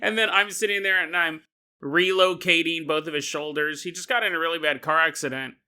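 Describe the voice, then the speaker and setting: A man's voice: on the high side, steady tone, brisk, bright, forceful tone, smooth. A man hosting a podcast, telling a story as a comedic monologue, joking and laughing often. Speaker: podcast host.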